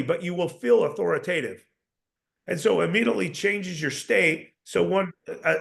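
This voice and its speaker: A man gives a sales training lesson, coaching his listeners with repeated points and spoken examples of tone. His voice sits a little high for a man and has a gravelly rasp. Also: fairly bright tone. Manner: coaching, repetitive, demonstrates tones.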